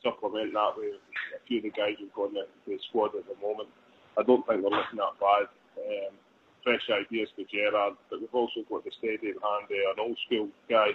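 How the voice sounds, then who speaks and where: Male caller, rambling and full of ums, heard over a tinny phone line with a little hiss. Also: lowish voice. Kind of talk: casual phone-in chat.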